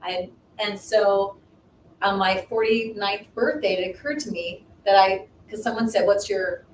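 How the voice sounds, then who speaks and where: A woman in her fifties telling a story in casual chat as co-host, acting out the voices she quotes. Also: a little slow. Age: 50s. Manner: animated, acts out quoted voices with big swings in pitch. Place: home live stream. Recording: roomy echo, distant mic, faint noise.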